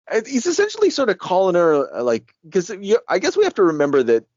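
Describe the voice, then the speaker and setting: A man co-hosting a casual podcast about comics, talking in an animated way, laughing often and swearing freely. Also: sits high, no room sound. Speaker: podcast co-host. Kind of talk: casual comic book discussion. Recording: dry, dull lo-fi sound.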